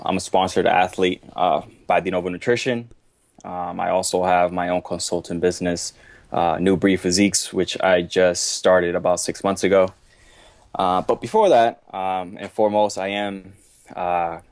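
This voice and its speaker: A low-voiced man in his twenties, hailing from Boston, USA, appears as a guest athlete on a podcast. He's relaxed and tends to ramble through the casual chat, and the recording is dry.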